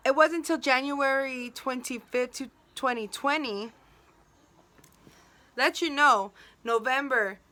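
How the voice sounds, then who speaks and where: A woman's voice: high voice, takes it slowly, bright, forceful tone. A young woman telling a personal story on her vlog, emotional and venting, filled with "like" and quoted dialogue.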